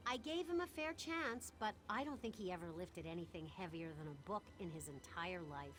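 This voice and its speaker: A woman's voice: lowish voice, fairly quick, music in the background, close to an everyday voice. An actress voicing a busy, blunt woman who works at a forge, in game character dialogue. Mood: matter-of-fact.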